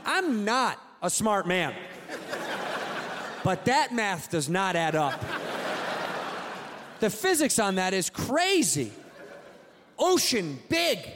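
A man's voice: sits high, very animated, slow pace, long pauses, a bit bright. A man in his late thirties doing a profane, mock-outraged stand-up rant in a live venue. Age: late 30s. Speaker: stand-up comedian. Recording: noisy live room ambience.

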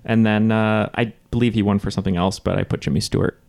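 A man's voice: lowish voice, steady tone, fast, gravelly, a little mellow. A man in casual podcast banter, hesitantly thinking aloud through trivia answers. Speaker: podcast co-host, contestant.

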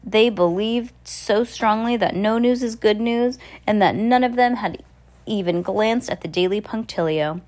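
A woman's voice: mid-range voice, unhurried, a little mellow. A woman reading a novel aloud at home into a phone, chatty and casual, stumbling over words and correcting herself. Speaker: reader.

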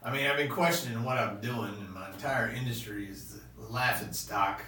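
A man's voice: mid-range voice, normal speed. Hesitant guy co-hosting a comedy bit, lots of uhs, echoey room, far from mic. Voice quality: hesitant, filler-heavy. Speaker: co-host playing a campaign aide. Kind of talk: improvised comedy. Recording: echoey room, distant mic, faint noise.

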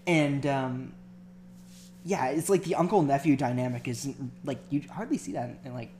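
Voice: mid-range voice, normal speed, dark tone, a little hiss or hum. A co-host in a casual film discussion, thoughtful and hesitant, restarting sentences often. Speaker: podcast co-host.

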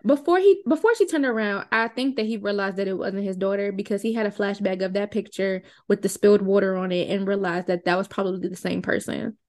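A woman's voice: mid-range voice, fairly quick, hardly any pauses, darkish tone. Woman podcaster recapping a movie. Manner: conversational, wry and indignant. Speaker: podcast co-host.

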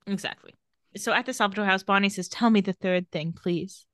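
A woman's voice: medium pitch, brisk, no room sound, studio quality. A woman co-hosting a casual podcast, retelling scenes and quoting the characters' lines with playful emphasis. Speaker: podcast co-host. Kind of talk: casual recap chat.

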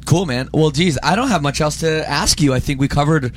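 A man hosting a podcast, talking in a relaxed and friendly casual way with a guest. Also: a little high, a little fast, a little hiss or hum. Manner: relaxed, friendly, shoots the breeze. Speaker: podcast host. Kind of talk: casual interview chat.

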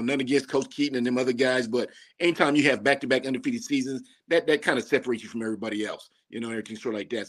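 A man gives confident, emphatic football analysis as a podcast guest. His voice sits at a steady, middle pitch.

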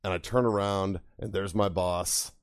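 Guy in his 30s on a podcast, lowish voice, swears nonstop, rambly storyteller, dry close sound. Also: fairly even intonation, measured pace, smooth, dry recording. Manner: profane, swears constantly; rambling, laughs at own stories. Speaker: podcast host. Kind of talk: casual storytelling chat.

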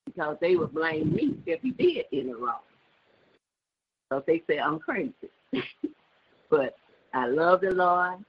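A woman's voice: low-pitched, breathy edge. An older woman giving a personal religious testimony in an emphatic, repetitive, preachy way. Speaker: church member giving testimony. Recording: dull lo-fi sound with faint background noise.

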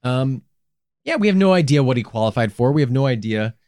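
A man's voice: mid-range voice, lively intonation, brisk, darkish tone, clean tone, dry recording, clean studio sound. A man co-hosting a podcast in casual chat, joking and swearing as he riffs. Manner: joking, swearing, playful bits. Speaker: podcast co-host.

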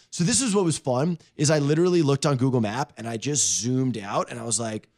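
A man guesting on a radio show, telling a dating story in a playful, animated way with easy laughs. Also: medium pitch, fast talker, few pauses, dry recording, studio quality. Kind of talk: casual storytelling chat.

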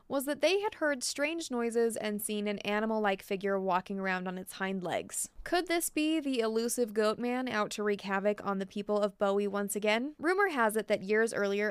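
A woman's voice: medium pitch, clean tone, dry recording, studio quality. A woman hosting a podcast, telling spooky legends with chatty, playful asides. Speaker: podcast host. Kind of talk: storytelling podcast.

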